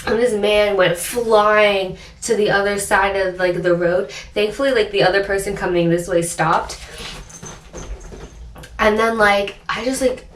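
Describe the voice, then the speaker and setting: A young woman vlogger telling a storytime story in a chatty, animated way, full of filler words. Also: medium pitch, unhurried, slight background noise. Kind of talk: storytime chat. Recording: roomy echo, distant mic.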